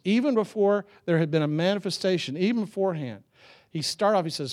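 Male pastor, middle-aged, slightly high voice, chatty storytelling sermon, chuckles, restarts. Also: animated, a little fast.

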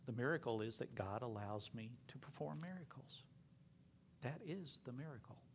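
Male preacher, gravelly mid-pitched voice, earnest sermon delivery. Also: lively intonation, moderate pace, a little hiss or hum. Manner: earnest, dropping to a hushed whisper at emotional moments. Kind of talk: sermon storytelling.

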